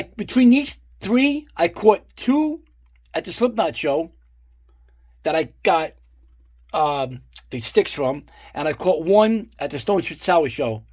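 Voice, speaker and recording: A middle-aged man tells loose, profane stories in a casual show-and-tell. His voice is somewhat husky and sits a little high for a man. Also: darkish tone. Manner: rambling, profane, full of fillers and asides. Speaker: collector showing his guitar picks.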